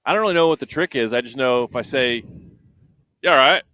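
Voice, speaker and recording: A man's voice: mid-range voice, expressive, rapid-fire, fairly bright tone, no room sound. A man from the United States co-commentating a live race broadcast in casual, playful banter. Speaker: livestream co-commentator.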